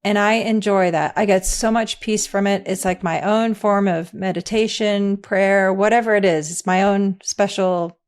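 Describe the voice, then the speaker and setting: A woman's voice: medium pitch, steady tone, normal speed, few pauses. Earnest woman sharing her story. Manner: earnest, reflective, laughs often. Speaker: interview guest. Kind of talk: candid conversational interview.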